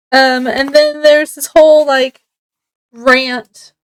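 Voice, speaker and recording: A woman's voice: high voice, fairly even intonation, takes it slowly, low-quality recording. A woman reviewing a book casually, summarizing the plot in a chatty, meandering way with many fillers.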